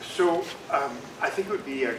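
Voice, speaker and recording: A man's voice: fairly high pitch, moderate pace. A man leading a group discussion at a user group meeting, eager and explanatory. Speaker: discussion leader. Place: office meeting room. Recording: distant echoey room, background noise.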